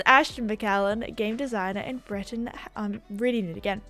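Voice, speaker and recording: A young Australian woman with an Australian accent, casually reading a game blog aloud with chatty, excitable asides. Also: on the high side, a little fast, few pauses, faint music behind. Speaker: gaming video creator.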